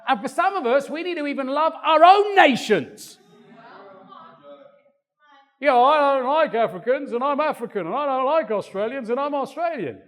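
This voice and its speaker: An older man preaching a sermon in a church, animated and acting out quoted voices. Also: very high-pitched, normal speed. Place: church hall. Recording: long reverb of a church hall.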